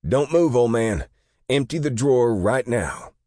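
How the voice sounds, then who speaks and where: Man doing a frantic young robber, yelling. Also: mid-range voice, expressive, measured pace, no echo, clean studio sound, voice pushed up. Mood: frantic shouting. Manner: shouting demands. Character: young male armed robber, nervous and frantic.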